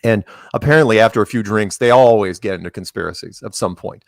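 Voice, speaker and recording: Speaking fast in a creaky, fairly low voice, a man chats as a podcast guest in a relaxed interview. He rambles through stories and performs quotes from others, and the studio sound is clean with no room sound.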